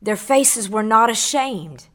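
A middle-aged woman tells her testimony on a radio show with preacherly fervor. Her voice sits a little high for a woman and climbs higher as she presses each point. She repeats phrases and leans into scripture as she speaks. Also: expressive, slow, fairly bright tone. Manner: fervent and preacherly, swells on key phrases, repeats words. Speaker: guest giving a testimony. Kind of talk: impassioned spoken testimony on radio.

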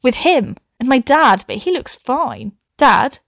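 A young woman reads her old story aloud and keeps stopping to mock it, laughing and swearing as she goes. Her voice sits fairly high, and the recording is close and dry, with no room sound. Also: lively intonation, a little slow, creaky, no room sound. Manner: laughing, sweary, self-mocking asides. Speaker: host reading her own old story. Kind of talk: comic reading with commentary.

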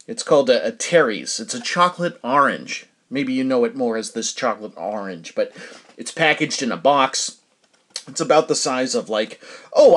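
Chatty, rambling man with a higher voice. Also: a bit bright. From New Hampshire. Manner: rambling, chatty, self-interrupting with fillers. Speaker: podcast host. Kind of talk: casual solo podcast chat.

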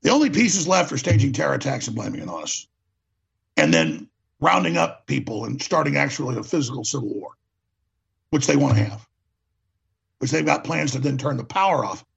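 A man's voice: medium pitch, very animated, brisk, gravelly, slightly rough. A man hosting a talk show, delivering an impassioned political monologue, ranting and repeating words for emphasis, on a dull lo-fi recording.

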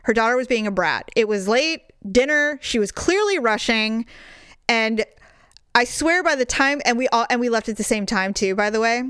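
A woman's voice: on the high side, expressive, moderate pace, a bit bright, clear, resonant tone, dry recording, studio quality. A woman in her thirties, a stay-at-home mom co-hosting a casual chat podcast, blunt and profane as she tells stories and acts out quotes. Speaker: podcast co-host.

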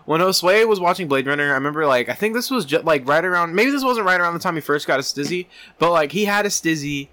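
A man's voice: a little high, expressive, quick pace, hardly any pauses, bright, forceful tone. A man hosting a comedy podcast, chatting crudely and rambling while steering the talk between his co-hosts. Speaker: podcast host. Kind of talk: casual comedic chat.

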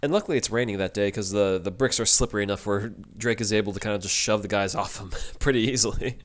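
A man co-hosting a podcast, calmly recapping an episode with a wry, easygoing manner. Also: lowish voice, quick pace. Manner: easygoing, wry, retells plot with quoted lines. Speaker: podcast co-host. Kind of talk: casual recap chat.

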